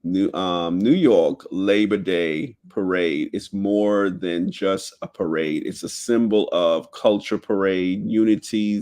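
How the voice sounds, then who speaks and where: A man's voice: sits low, darkish tone. Jamaican man reading notes in a loose chat. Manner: reads headings aloud, drifts into loose asides. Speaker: podcast host. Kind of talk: casual talk reading notes.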